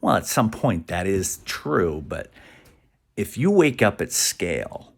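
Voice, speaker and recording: A man talking in a rambling, animated monologue, acting out quoted voices and dropping now and then to a whisper. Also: deep voice, slow, vocal fry.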